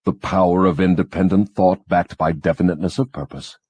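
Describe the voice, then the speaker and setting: A man's voice: deep voice, fairly even intonation, fairly quick, a little mellow, breathy edge, no room sound. A man voicing a scornful, cunning devil who gloats and lectures in a mocking audiobook dramatization.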